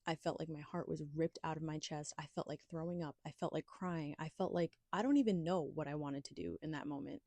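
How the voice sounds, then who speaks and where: A woman with a low, mellow voice shares a personal story on her podcast. She talks candidly and with emphasis, and the sound is close and dry. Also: brisk, gravelly, few pauses, dry recording. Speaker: podcast host.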